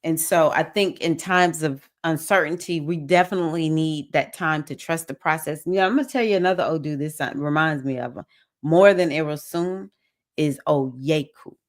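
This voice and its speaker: Host: Southern woman, slightly low voice, upbeat and encouraging, reading comments on a webcam live stream. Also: normal speed. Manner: warm, encouraging, reads comments aloud and cheers viewers. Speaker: spiritual teacher hosting a live session. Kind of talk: casual live-stream chat.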